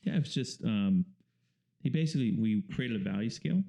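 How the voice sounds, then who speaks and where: The guest, a painter, speaks casually and explains things in a relaxed, wandering manner with lots of fillers. His voice runs on the low side, brisk and marked by vocal fry.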